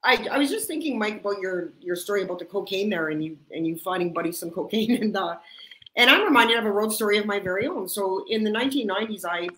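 Woman host, chatty storyteller, laughs a lot, mid-pitched, echoey room sound. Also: lively intonation, fast talker, pushed and bright. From Canada. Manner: chatty, laughs often while telling stories. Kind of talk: casual storytelling chat.

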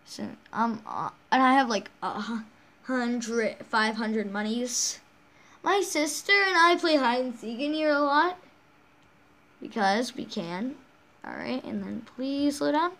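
A woman's voice: a little high, lively intonation, takes it slowly, fairly bright tone. A woman hosting a casual game walkthrough, rambling along with frequent restarts and self-corrections. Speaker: game channel host.

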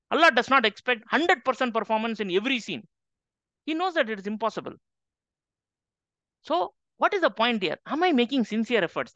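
A man's voice: sits high, fairly bright tone, no echo. A man teaching a Quran class to an audience, emphatic and full of rhetorical questions. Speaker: Islamic teacher. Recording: slightly dull lo-fi recording.

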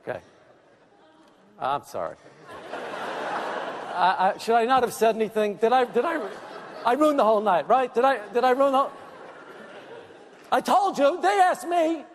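A man delivers a comic roast on a theater stage in a high, whiny voice, kvetching and then apologizing in mock dismay. His voice carries a long hall reverb, and audience laughter and room noise sound clearly behind him. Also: lively intonation, moderate pace, a crowd in the background. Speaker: comedian giving a tribute speech. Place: large theater at an awards event.

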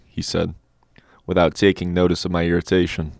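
Deep-voiced male audiobook narrator. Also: completely flat delivery, gravelly, a little mellow, no echo, studio quality. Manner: measured, with wry asides. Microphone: dynamic studio mic.

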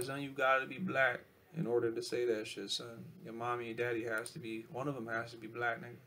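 A young man rambling casually to camera in a profane vlog, swinging between loud outbursts and low mumbles. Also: little pitch movement, fairly quick, vocal fry, hardly any pauses. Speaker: vlogger.

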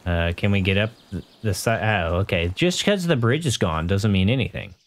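A man's voice: on the low side, expressive, normal speed. A man casually commenting while playing a fantasy game, chatty and self-mocking, with muttered reactions. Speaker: let's play host.

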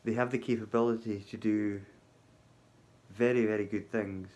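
A man talking casually to his viewers from his hotel workplace at night, halting and full of ums, with a wry sense of humour. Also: on the low side, steady tone, a little mellow. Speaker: vlogger. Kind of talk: casual spoken vlog.

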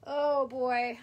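A woman's voice: high voice, dull audio. A young woman chatting casually on a live stream from a room in her parents' house, rambling and reading viewer comments aloud.

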